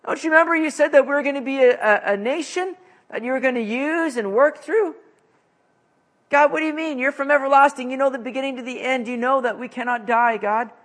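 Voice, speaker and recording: A preacher doing a frantic male prophet who begs and protests in a strained, high voice. The figure comes across as urgent and loud, pressing his case over and over in a retold scripture scene. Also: brisk. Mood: pleading. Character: anxious pleading male prophet.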